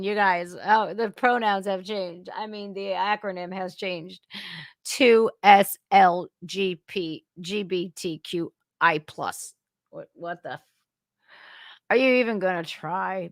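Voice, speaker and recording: Talking directly to her audience, a woman runs a casual reaction livestream full of chatter, exclamations, and laughing asides. The studio-quality recording has no echo, and her voice sits in the mid range.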